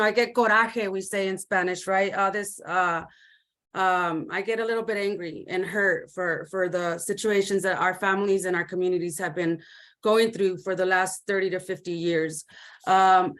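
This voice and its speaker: A woman from Colorado speaks in a halting, earnest way and drops Spanish words into her talk. Her pitch sits in an ordinary middle range, and she fills her pauses with "um" and "uh" as she gives personal testimony on a video call. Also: a bit bright. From Commerce City, Colorado. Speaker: community advocate.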